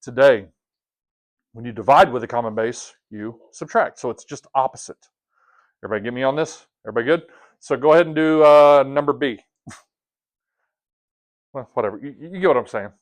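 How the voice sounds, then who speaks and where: A man's voice: mid-range voice, a little fast, pauses often. A man teaching a math class, talking casually to his students, joking and asking them questions. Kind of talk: classroom lesson.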